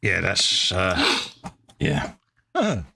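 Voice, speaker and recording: A man's voice: low voice, wildly swooping pitch, very slow, gravelly, heavy background noise. A man chatting casually as co-host, giving dry, teasing short replies. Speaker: co-host of a live craft stream. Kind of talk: casual chat.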